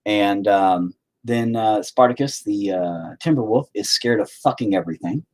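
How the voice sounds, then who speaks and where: Husky, rambling middle-aged man vlogging. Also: fairly low pitch, normal speed. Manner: rambling, profane, sarcastic. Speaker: vlogger, band vocalist. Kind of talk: casual chat vlog.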